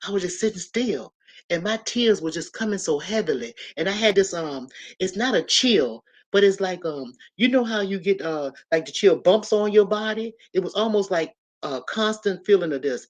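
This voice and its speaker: A woman vlogger telling a personal story to her viewers in a casual, animated way, speaking straight to them and repeating phrases for emphasis. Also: on the low side.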